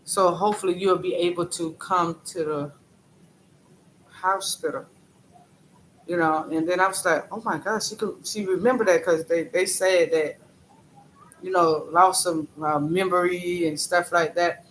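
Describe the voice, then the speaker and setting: A man with a high, bright voice talks slowly through a story on a casual live stream. He stumbles and repeats himself, stopping now and then to greet viewers by name, over faint background noise. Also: level tone, poor audio. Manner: halting, repeats phrases. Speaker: livestreamer.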